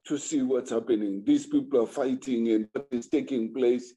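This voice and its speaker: A man's voice: medium pitch, normal speed, mellow, slightly rough. A man telling a folk tale aloud, acting out the characters with animation. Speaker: storyteller. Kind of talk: oral folk storytelling.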